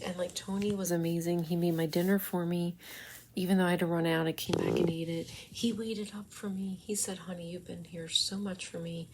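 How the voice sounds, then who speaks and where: A woman tells a rambling story straight to her camera, swearing freely and slipping into giggles and near-whispers. Her voice sits on the lower side, with a faint hiss behind it. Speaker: vlogger. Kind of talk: casual storytelling vlog.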